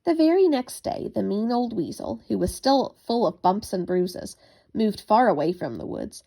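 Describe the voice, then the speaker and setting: A woman reads a children's bedtime story in a gentle, expressive manner. Her voice has a strong gravelly grain, and her pitch rises and falls in a lively way, at a middle height for a woman. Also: normal speed.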